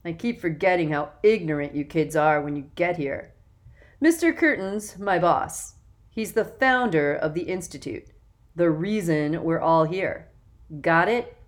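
A woman's voice: fairly low pitch, animated, measured pace. A woman voicing a smug, cruel young man who lords it over new kids in an audiobook. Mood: condescending. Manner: condescending, snapping.

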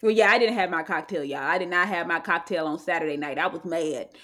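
A woman co-hosting a casual chat, animated and rambling. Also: lowish voice, fast talker. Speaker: podcast co-host.

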